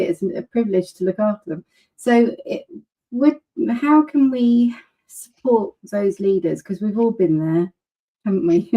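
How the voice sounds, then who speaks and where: A woman's voice: mid-range voice, mellow, muffled recording. Gushing woman hosting a webinar. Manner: gushing, enthusiastic. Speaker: webinar host.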